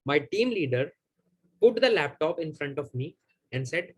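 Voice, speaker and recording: Man, 30s, high voice, animated emphatic storytelling host. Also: moderate pace, breathy edge. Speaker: host of a live Q&A. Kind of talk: casual storytelling to an audience.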